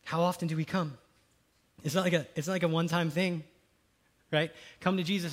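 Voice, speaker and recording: A man preaching a sermon, rising to loud exclamations and dropping to hushed quotes. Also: sits high, brisk.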